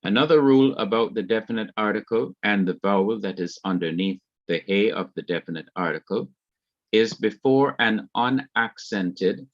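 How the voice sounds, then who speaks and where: A man lectures on grammar at a slow, measured pace, spelling out terms and repeating each example. His voice sits fairly low. The recording is dull and lo-fi, with a dry, close sound. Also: no echo. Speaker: Hebrew teacher.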